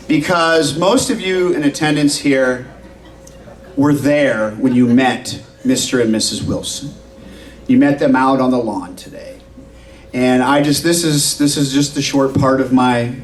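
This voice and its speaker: A man's voice: mid-range voice, a little slow, far from the mic, slight background noise, low-quality recording. A middle-aged man, father of the bride, giving a heartfelt and tearful wedding toast at a reception. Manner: tearful, heartfelt, repeating himself.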